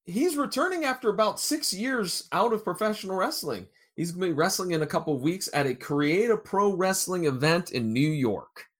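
A man hosting a casual podcast, chatting about wrestling news and jumping between loud and quiet remarks. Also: high voice, animated, moderate pace, hardly any pauses. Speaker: podcast host.

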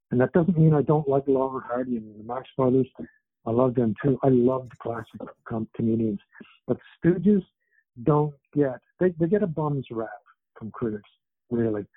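The speaker is an elderly author in his 70s, born in England and raised in Canada, casually chatting as an interview guest through a tinny phone line. He rambles with plenty of fillers in a creaky, medium-pitched voice, and there's no room sound.

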